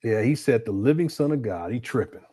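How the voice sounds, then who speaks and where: A man's voice: mid-range voice, expressive, brisk, mellow. A middle-aged man hosting a livestream, commenting casually in colloquial speech, often incredulous and stammering through repeats. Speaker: livestream host.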